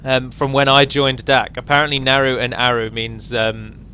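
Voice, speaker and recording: A man's voice: medium pitch, flat delivery, moderate pace, pushed and bright, slight background noise. A man giving a casual, rambling walkthrough of a strategy game mod, with frequent ums and restarts.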